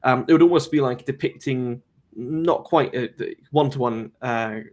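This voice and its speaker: Hosting a live-streamed talk, a man with a mid-pitched voice sets out his views in a measured, analytical way and states his opinions firmly.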